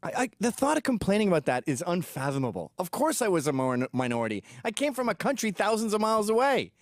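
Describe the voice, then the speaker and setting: A man's voice: high voice, sing-song, quick pace, no echo. A man from England hosting a commentary show, reacting to video clips in a crude, sarcastic and mocking way. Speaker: host.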